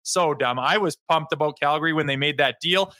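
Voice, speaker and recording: A man co-hosting a sports podcast, talking in a heated, animated way and mocking critics in put-on voices. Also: on the high side, a little fast, dry recording. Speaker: co-host.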